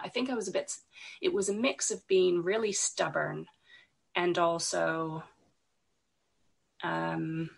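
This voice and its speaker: A woman, croaky from a cold, talking as a podcast guest, hesitant, with many ums and restarts. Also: sits low. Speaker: podcast guest, illustrator and designer. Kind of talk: casual interview talk.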